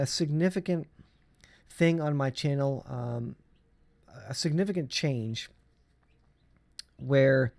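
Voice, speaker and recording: On his casual religious commentary vlog, the middle-aged host speaks with a medium-pitched, dark voice. Earnest about faith and the end times, he often fills pauses and restarts his sentences.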